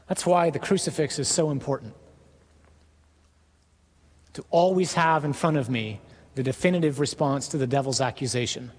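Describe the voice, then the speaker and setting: A man preaching a sermon in an earnest, emphatic way with deliberate pauses. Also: medium pitch, husky, in a large hall.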